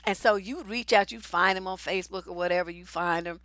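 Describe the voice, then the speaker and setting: A woman's voice: fairly low pitch, fast talker, a bit bright, no echo. A woman hosting a relationship advice livestream, giving blunt, profane, emphatic answers. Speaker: relationship coach and host.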